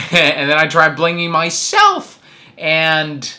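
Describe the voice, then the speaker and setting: A young man in his twenties telling a personal story to camera in an earnest, animated way. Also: on the high side, takes it slowly. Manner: earnest, animated retelling with acted quotes. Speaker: vlogger. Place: New York City.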